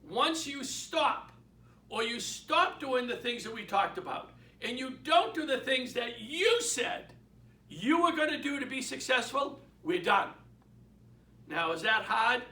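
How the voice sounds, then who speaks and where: A man with a Boston accent gives an emphatic, story-driven motivational talk to realtors. His voice is very high and bright. He is recorded in an echoey room, away from the mic. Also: animated, unhurried, far from the mic. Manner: emphatic, storytelling, repeats key points. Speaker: real estate mentor and sales speaker.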